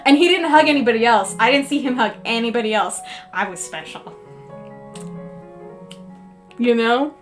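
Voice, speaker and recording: Young woman, high voice, chatty and rambling, lots of fillers; casual livestream talk over faint folk guitar. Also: quick pace, hardly any pauses. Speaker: livestreaming painter. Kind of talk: casual chat while painting on a livestream. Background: soft guitar folk music.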